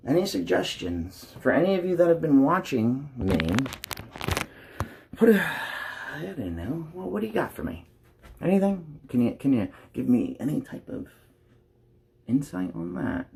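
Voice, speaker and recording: A young man talks straight into a taped-up phone at home, rambling and blunt, with plenty of swearing. His voice swings widely up and down while his pitch stays middling. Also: vocal fry, a little mellow. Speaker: vlogger. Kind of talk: candid confessional vlog. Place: at home by a couch. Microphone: phone taped in place.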